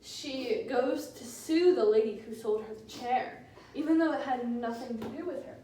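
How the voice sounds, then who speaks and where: A woman's voice: high voice, normal speed, mellow, a little hiss or hum. A woman co-hosting a podcast, improvising a silly story with giggles and rambling, in an echoey room with a distant mic. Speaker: podcast co-host.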